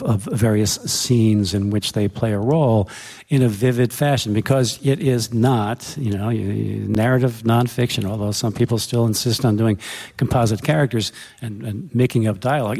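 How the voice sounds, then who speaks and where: A middle-aged man with a gravelly voice tells a long, rambling anecdote. He keeps restarting his phrases and takes the story on side paths for comic effect. His voice carries a long hall reverb. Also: lowish voice, darkish tone. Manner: rambling, self-correcting, humorous anecdotes. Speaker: author guest. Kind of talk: storytelling interview talk.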